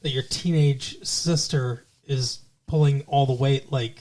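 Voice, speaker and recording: A podcast co-host with a mid-pitched voice, talking casually through a TV episode recap. The talk rambles with restarts and dry asides. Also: fairly even intonation, measured pace, a little mellow.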